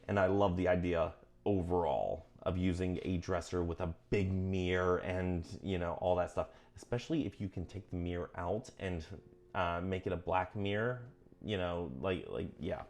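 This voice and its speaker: Earnest rambling man with a low voice. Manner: earnest, self-correcting, goes off on tangents; animated, pitch jumps up when emphatic. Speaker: vlogger reading and commenting on a witchcraft book. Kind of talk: casual rambling vlog commentary.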